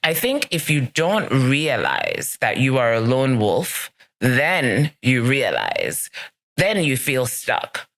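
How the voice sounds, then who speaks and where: Bright-voiced woman giving earnest advice. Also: very deep voice. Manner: earnest, emphatic, repeats phrases for effect. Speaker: podcast host. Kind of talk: solo motivational podcast talk.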